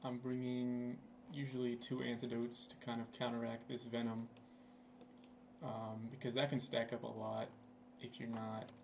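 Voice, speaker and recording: A man's voice: medium pitch, little pitch movement, normal speed, vocal fry, slight background noise. A young man giving casual, rambling commentary over his gameplay, with plenty of fillers, recorded at his computer. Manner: laid-back, rambling, with frequent fillers. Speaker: gaming channel host.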